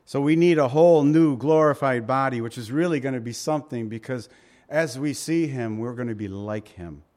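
A man's voice: medium pitch, moderate pace, a little mellow. A man preaching a sermon, reading scripture and telling stories with acted quotes, his volume and pace swinging widely. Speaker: pastor.

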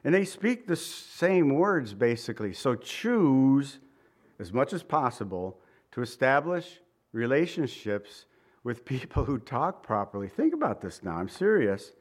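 A male pastor giving a conversational sermon. He reads scripture, repeats key phrases for emphasis and drops into quiet asides. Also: medium pitch, sing-song, a little slow.

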